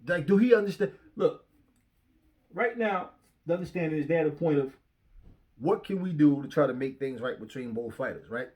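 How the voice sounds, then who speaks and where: A man's voice: on the high side, lively intonation, moderate pace, darkish tone. A middle-aged man hosting a boxing talk channel, ranting at home, profane and combative, mocking commenters and stumbling over repeated words as he gets worked up. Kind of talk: heated rant to camera. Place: his home.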